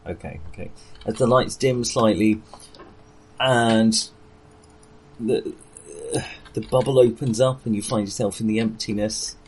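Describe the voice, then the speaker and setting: A man acting as game master, narrating a tabletop game session and chatting with his players in a lively, easy-laughing way. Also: lowish voice, measured pace, breathy edge.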